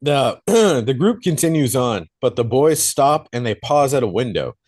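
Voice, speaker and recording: A man co-hosting a podcast, casually retelling a movie plot in animated detail and swearing freely. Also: mid-range voice, normal speed. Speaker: podcast co-host reviewing a film.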